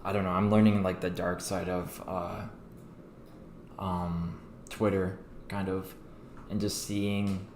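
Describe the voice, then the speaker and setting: Speaking slowly in a low, darkish voice with a level tone, a young man runs a casual crypto trading livestream. His talk rambles, full of fillers and restarts, and the echoey room carries faint background noise.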